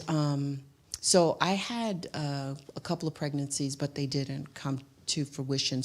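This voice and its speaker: A woman giving a heartfelt spiritual testimony, halting and full of fillers. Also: low-pitched. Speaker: guest speaker and singer.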